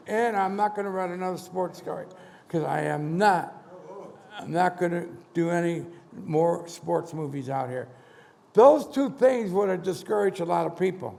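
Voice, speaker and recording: Older guy in his 70s, high gravelly voice, animated storyteller, echoey hall. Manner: animated, acts out dialogue in quotes. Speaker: motivational speaker. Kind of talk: storytelling keynote on stage. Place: conference hall stage. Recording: large hall reverb.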